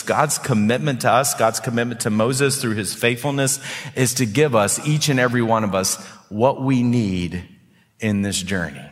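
A male pastor preaching a sermon with animated delivery, often repeating words as he builds his points. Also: medium pitch, moderate pace, long reverb tail.

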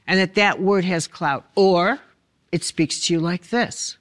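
A woman's voice: on the low side, measured pace. A woman, a spiritual author and speaker, teaching in a reflective, emphatic way and often putting questions to the listener.

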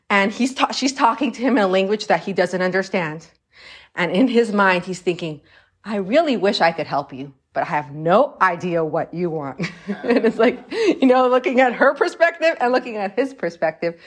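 A woman teaching a religious Torah class, explaining texts and telling little stories with acted voices and laughs. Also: medium pitch.

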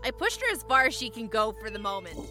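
A man's voice: high voice, sing-song, fast, voice pushed up. A man voicing a hot-tempered woman airship captain who curses and barks orders, over background music. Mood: exasperated. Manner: cursing, huffing, bossy. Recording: fantasy audiobook with music bed.

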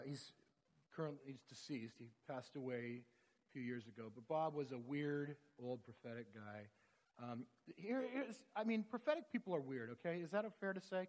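A man preaching a sermon, telling stories in an earnest, conversational way. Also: fairly high pitch.

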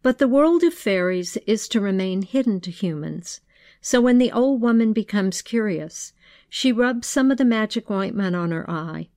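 A woman storyteller with a mid-pitched voice who tells an old folk tale in a measured, old-fashioned way. Her narration is recorded close and dry. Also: expressive, a little mellow, dry recording. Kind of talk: storytelling narration, then reflective commentary.

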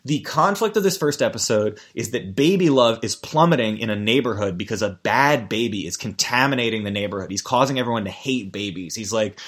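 A man's voice: on the low side, fairly quick, hardly any pauses, a bit bright. A man hosting a podcast and giving casual, comedic commentary that rambles, swears and keeps interrupting itself. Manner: rambling, profane, self-interrupting.

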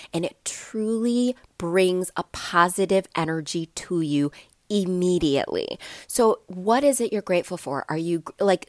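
A woman in her thirties hosting a motivational podcast, with a stuffy, slightly raspy voice and an encouraging way of talking straight to her listeners. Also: on the low side, dry recording, studio quality. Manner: warm encouraging, addresses listeners directly. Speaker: podcast host.

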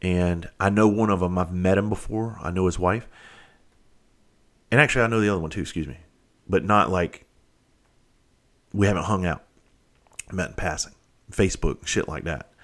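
A man's voice: sits low, moderate pace, long pauses. A middle-aged man with a blunt manner, hosting a podcast and telling stories casually, swearing freely and restarting his sentences. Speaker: podcast host. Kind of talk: casual storytelling.

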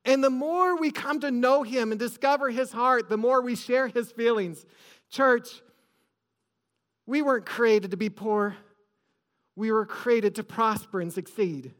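High bright-voiced man preaching. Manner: preaching with rising emphasis. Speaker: pastor. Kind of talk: sermon. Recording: echoey large hall.

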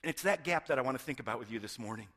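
A middle-aged man, a pastor, preaching a sermon in an earnest way, often restarting words and swinging between loud stresses and hushed lines. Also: medium pitch, expressive, racing.

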